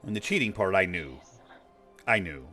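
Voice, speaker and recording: Gamer streamer, man in his forties, low voice, swears freely, wanders off topic. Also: lively intonation, moderate pace, bright, forceful tone, soft background music. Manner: blunt, profane, rambling. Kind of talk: casual chat while gaming.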